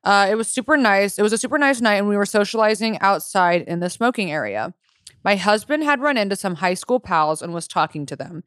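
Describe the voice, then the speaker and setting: A woman's voice: mid-range voice, animated, a little fast, a bit bright, clean tone, dry recording, clean studio sound. A young adult woman co-hosting a podcast, reading listener stories aloud with joking asides in casual chat.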